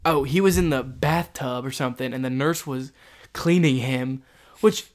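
A young man telling a story in casual chat, rambling and halting with many fillers and restarts. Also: medium pitch.

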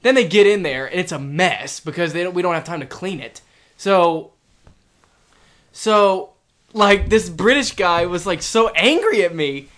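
A young man in casual chat, telling stories in an animated way with loud ranting bursts. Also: high-pitched, measured pace.

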